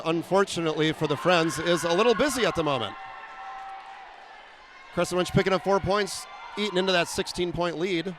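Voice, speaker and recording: A man's voice: a little high, a bit bright, a little hiss or hum. Wry roller derby announcer, man. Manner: quick, wry, self-deprecating play-by-play with frequent "uh" fillers. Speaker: play-by-play announcer. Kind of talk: live sports commentary.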